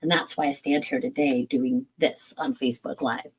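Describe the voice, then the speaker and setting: A woman's voice: extremely low pitch, fairly even intonation, normal speed, husky, rough recording. A middle-aged woman, a medium, answering viewer questions in a candid, casual live-stream chat, swearing freely and laughing at herself.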